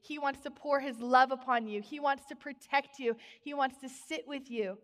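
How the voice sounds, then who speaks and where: Young woman preacher with a bright high voice, bubbly storyteller, long church reverb. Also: normal speed. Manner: bubbly storytelling, animated exclamations. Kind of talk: sermon. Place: church sanctuary.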